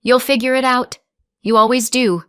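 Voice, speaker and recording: A woman voicing a cold, dismissive middle-aged mother who speaks calmly in clipped, condescending phrases. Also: a little high, moderate pace, clear, resonant tone, no echo, clean studio sound, pitched above the performer's own voice, lightly acted.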